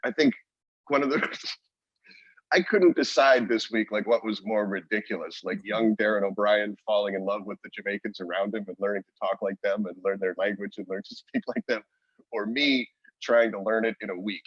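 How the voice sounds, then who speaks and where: A man's voice: fairly low pitch, breathy edge, dry recording, dull audio. A man co-hosting a podcast in casual chat, rambling and restarting his sentences and laughing often. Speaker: podcast co-host.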